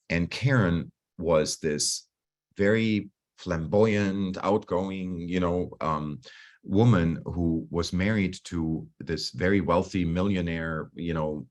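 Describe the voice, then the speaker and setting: A man whose voice sits low coaches a group about stress in an online talk on a video call. His style is easygoing and conversational, with frequent sentence restarts and bits where he voices his inner thoughts.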